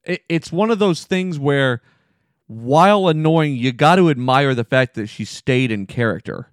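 A man's voice: medium pitch, lively intonation, moderate pace, no echo. A man co-hosting a podcast, chiming in with short dry quips during casual chat. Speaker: podcast co-host.

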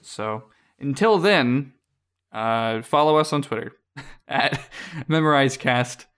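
A man's voice: medium pitch, slow, clear, resonant tone. Rambling young man co-hosting a podcast. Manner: rambling, relaxed, laughs often, many fillers. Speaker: podcast co-host. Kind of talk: casual podcast chat.

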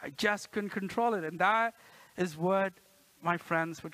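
Unhurried and sharp-toned, a high-voiced man in his thirties delivers a sermon in church, heard through a low-quality recording. As pastor he keeps things chatty and playful, frequently checking "right?" with the congregation and raising his voice to act out quotes.

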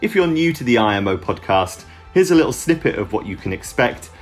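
A man's voice: medium pitch, very animated, brisk, faint music behind. A man opening a podcast episode, reading a cheerful scripted introduction. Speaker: podcast host.

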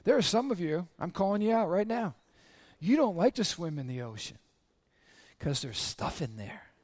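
Male pastor with a high voice and a slightly raspy throat, lively sermon full of crowd questions, dry close sound. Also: moderate pace, no room sound. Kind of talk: sermon to a congregation.

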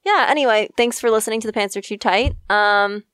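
A woman's voice: mid-range voice, fairly quick, fairly bright tone, clear, resonant tone, no echo, clean studio sound. A young woman co-hosting a casual podcast chat, earnest and opinionated. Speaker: podcast co-host.

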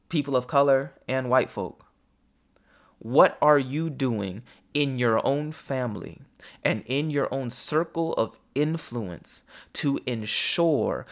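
Earnest man hosting a devotional podcast. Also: medium pitch. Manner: earnest, pointed questions, then a quiet prayer. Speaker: podcast host. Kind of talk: devotional talk and prayer.

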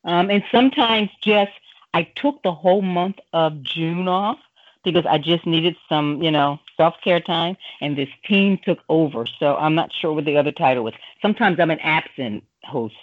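A woman's voice: low-pitched, normal speed. An older woman with grandchildren, co-hosting a community radio talk show in a chatty, joking way. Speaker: co-host and executive producer. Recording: dull lo-fi radio audio.

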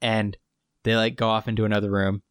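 A man's voice: fairly low pitch, flat delivery, a little fast, smooth, dry recording, studio quality. A man co-hosting a podcast, casually recapping a TV episode and quoting its lines with frequent laughs. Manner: retells scenes with quoted lines, laughs often. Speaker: podcast co-host.

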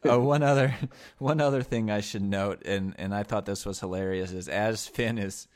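A man's voice: on the low side, steady tone, moderate pace. A man co-hosting a podcast, explaining and recapping events in a casual chat. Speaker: podcast co-host.

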